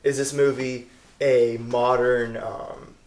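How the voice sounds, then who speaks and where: Young man, podcast co-host, dry quips, measured takes, echoey room. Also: medium pitch, flat delivery, darkish tone. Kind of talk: casual movie review chat.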